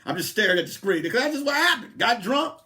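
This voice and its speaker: A man hosting a comedy podcast, telling a story in a casual, animated way and swinging from hushed asides to loud, laughing outbursts. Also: high voice, quick pace. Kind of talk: comic storytelling.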